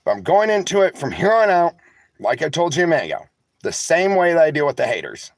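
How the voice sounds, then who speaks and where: A man's voice: a little high, sing-song, fast, no echo. A tired, emotional man talks to his viewers in a candid, rambling way, sarcastic and swearing freely, from inside a vehicle. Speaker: vlogger. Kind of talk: casual talk to viewers, reading live chat.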